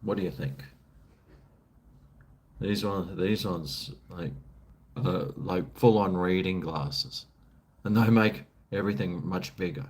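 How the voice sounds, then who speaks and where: A man's voice: sits low, takes it slowly, pauses often, a little mellow. An Australian man chatting casually on a live stream, answering chat in a laid-back, rambling, jokey way.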